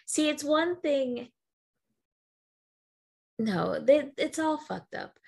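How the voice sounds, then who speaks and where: A woman's voice: high-pitched, expressive, drawn-out words, gravelly. A woman co-hosting a podcast, chatting bluntly about a movie and swearing freely. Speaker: podcast co-host. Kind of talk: casual chat recapping a movie.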